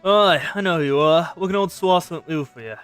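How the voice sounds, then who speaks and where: A man voicing a gruff old male shipwright in a rough folksy drawl, while reading game dialogue aloud. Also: on the high side, brisk, a bit bright, faint music behind, natural voice. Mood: conspiratorial.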